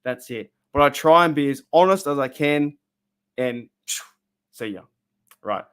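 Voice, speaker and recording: A man's voice: fairly high pitch, expressive, unhurried, clear, resonant tone. Fired-up Australian man ranting on stream. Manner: fired-up, blunt, swings between loud and muttered. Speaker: sports fan streamer. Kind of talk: emotional live-stream rant. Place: his own room.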